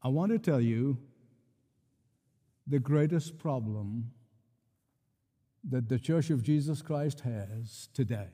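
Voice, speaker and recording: A man's voice: mid-range voice, animated, slow pace, pauses often, mellow, breathy edge. A man preaching a sermon with emphatic, repeated rhetorical refrains. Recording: long reverb of a large hall.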